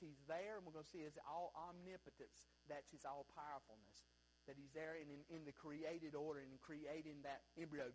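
Male pastor, high voice, emphatic sermon delivery that swings from loud urging to hushed asides. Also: low-quality recording. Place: church service room.

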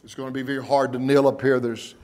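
A man preaching a sermon, telling stories earnestly and with emotion, slowing down for emphasis. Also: medium pitch, level tone, a little mellow.

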